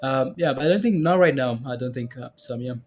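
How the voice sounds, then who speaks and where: A man's voice: medium pitch, brisk, a little mellow, slight background noise. A man hosting a casual trading livestream, rambling with many fillers as he reads out viewer questions. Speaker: stock and crypto livestream host.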